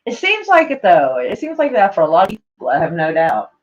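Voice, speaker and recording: A woman's voice: lowish voice, huge pitch swings, fairly quick, muffled recording. A woman live-streaming in a casual chat, reading tweets aloud to her viewers, swearing freely and laughing often.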